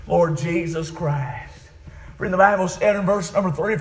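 A male preacher, delivering a rhythmic sermon that swings between soft passages and shouting. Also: on the high side, normal speed, roomy sound, distant mic, low-quality recording. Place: church.

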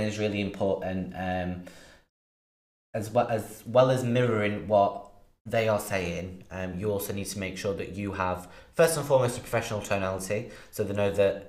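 A man, a sales associate, giving cold-calling advice with many ums. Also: deep voice. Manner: steady, fairly confident, many ums. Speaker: senior sales development associate. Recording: roomy echo.

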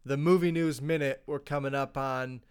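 Chatty podcast host with a smooth voice. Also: male voice, medium pitch, steady tone, normal speed. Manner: chatty, rambling with fillers. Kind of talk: casual chat.

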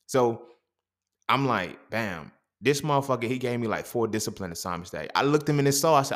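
A young man hosting a podcast, telling a personal story in a profane, animated, slangy monologue. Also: mid-range voice, fast. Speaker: podcast host.

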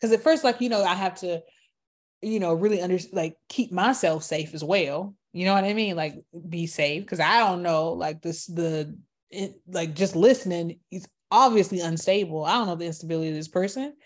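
A woman's voice: on the low side, normal speed. A woman giving a passionate faith testimony, calling out to her listeners and rambling through asides. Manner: preachy call-outs to listeners, animated and exclamatory; rambling with frequent fillers and asides. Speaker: Christian speaker sharing a testimony.

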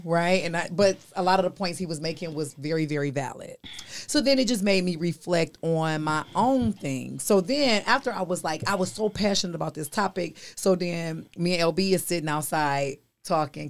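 A woman with a gravelly, creaky voice hosts a casual group discussion. She talks candidly and emphatically, in loose conversational slang. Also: lowish voice. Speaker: host.

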